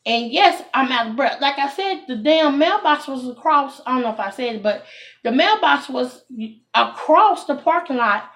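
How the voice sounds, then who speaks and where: A woman with a drawl tells a casual storytime straight to camera, her voice sitting a little high. She talks in an animated, indignant way and keeps turning to her viewers. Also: moderate pace. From Texas. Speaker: vlogger.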